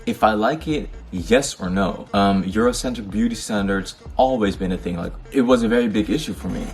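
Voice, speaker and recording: A man's voice: on the low side, fairly quick, faint music behind. A young man from the Netherlands telling personal stories to camera in a frank, heated way, full of slang and swearing. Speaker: vlogger. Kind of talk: casual personal storytelling.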